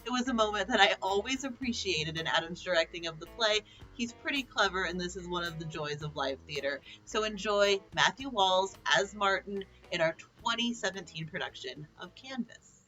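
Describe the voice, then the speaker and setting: A woman, the creator of a stage play, giving a measured, reflective director's commentary. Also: mid-range voice, lively intonation, bright, forceful tone, soft background music, rough recording.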